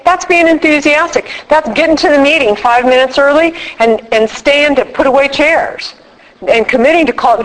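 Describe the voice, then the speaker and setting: A woman's voice: high-pitched, a little hiss or hum, rough recording. Chatty woman speaking to a group. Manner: lively and joking, acting out her own voice in quotes; loose and chatty, with many restarts. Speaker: speaker at a recovery meeting. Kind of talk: talk to a live group.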